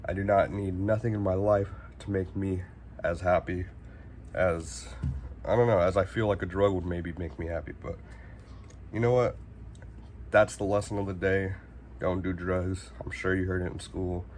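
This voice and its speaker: A man's voice: sits low, fairly even intonation, moderate pace, darkish tone, a little hiss or hum. A man, telling a casual storytime in a rambling, slangy way, swearing freely and saying "like" constantly. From Northern California. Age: 20s. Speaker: vlogger.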